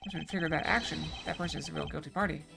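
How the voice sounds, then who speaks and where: A woman's voice: low voice, very fast, vocal fry, over music. A woman voicing a cool, composed male prosecutor from a video game, reading his lines in a formal manner. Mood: accusing.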